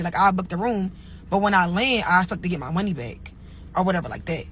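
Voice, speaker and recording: A woman's voice: fairly low pitch, fast, slight background noise, poor audio. A young woman, a single mother, telling a story casually and filling her talk with "like" and "or whatever". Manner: chatty, lots of "like" and "or whatever". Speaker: storyteller in a clip.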